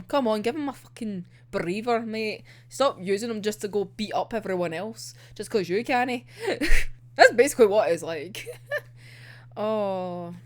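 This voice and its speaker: A young woman chatting casually in a manga reaction video, swearing freely and laughing often as she rants. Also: medium pitch.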